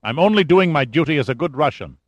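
A man's voice: on the high side, lively intonation, fast talker, no room sound, voice pushed up. A man voicing a cold, commanding Russian KGB agent in an audiobook, delivering curt, barked orders. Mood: harsh, commanding.

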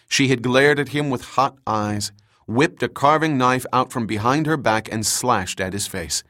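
Male audiobook reader, somewhat low voice, steady dramatic delivery of a thriller. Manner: measured, dramatic storytelling. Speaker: audiobook narrator. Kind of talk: scripted audiobook narration.

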